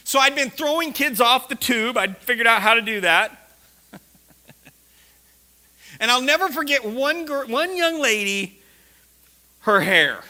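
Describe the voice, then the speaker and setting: Man, preacher, sermon storytelling, animated, laughing, high-pitched. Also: unhurried, long pauses. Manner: animated storyteller, laughs often, shouts quoted lines.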